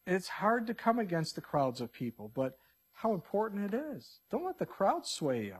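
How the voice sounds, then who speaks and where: Husky, animated male preacher. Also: high voice. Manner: animated, acts out the story characters in quick voices. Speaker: pastor. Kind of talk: expository sermon.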